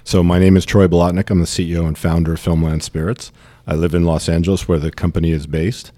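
Deep-voiced New York man, mellow. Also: little pitch movement, fast. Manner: chatty storyteller, many fillers and restarts. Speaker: distillery founder, guest. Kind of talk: casual interview chat.

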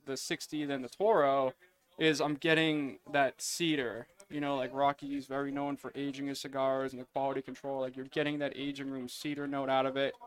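A man in a mid-range voice chats about cigars on a podcast. His talk is loose and full of "like" and "kind of". He is plainly enthusiastic about the flavors. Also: mid-range voice. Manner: filler-heavy, enthusiastic tasting notes. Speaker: podcast co-host reviewing cigars. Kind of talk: casual chat.

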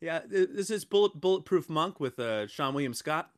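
A man with a slightly high, very expressive voice jokes his way through a casual podcast game. He rambles and trips over words as he thinks aloud. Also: moderate pace, no room sound, clean studio sound. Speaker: podcast co-host.

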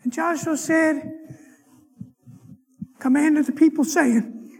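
High-voiced deacon in a reverberant hall. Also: male voice, moderate pace, long pauses. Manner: emphatic, swells loud on scripture verses and exhortations. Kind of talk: Sunday morning Bible lecture, reading scripture aloud. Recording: long reverb of a large hall.

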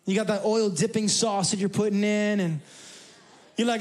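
A man's voice: sits high, fairly even intonation, a little fast. A male pastor from New York preaching a sermon in a conversational, humorous way, with asides to the congregation. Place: church service.

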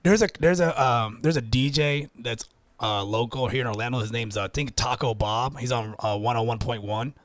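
A man with a rough, sandpapery voice, chatting casually as a podcast co-host and laughing often. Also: mid-range voice, normal speed, no room sound. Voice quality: gravelly, sandpaper voice. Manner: laughs often, animated storytelling. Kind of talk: casual chat.

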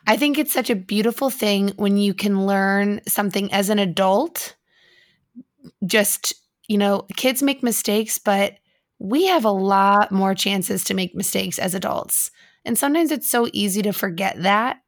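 A woman's voice: mid-range voice, a little slow, no room sound, studio quality. A woman in her thirties co-hosting a casual chat show, telling stories in a chatty, heartfelt way. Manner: chatty, emotional storyteller. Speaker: co-host.

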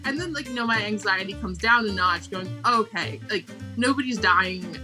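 A woman in casual conversation, telling a camp story with lively acted-out quotes and frequent "like" fillers. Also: medium pitch, moderate pace, music in the background. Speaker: camp staff member. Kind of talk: animated storytelling.

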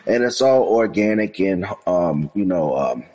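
A man co-hosting a casual podcast, chatting in a relaxed way with plenty of fillers. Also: sits low, measured pace, rough recording. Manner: relaxed, chatty, filler-heavy promo read. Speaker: podcast co-host.

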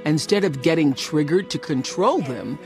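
A man hosting a podcast, reading a scripted introduction in a measured, announcer-like way. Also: fairly high pitch, lively intonation. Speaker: podcast host. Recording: voice over loud background music.

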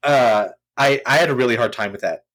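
A man's voice: medium pitch, fairly quick. A man co-hosting a podcast, chatting casually about a film and acting out its scenes with lots of "like" fillers. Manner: animated, acts out scenes, many "like" fillers. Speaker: podcast co-host. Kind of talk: casual film review chat.

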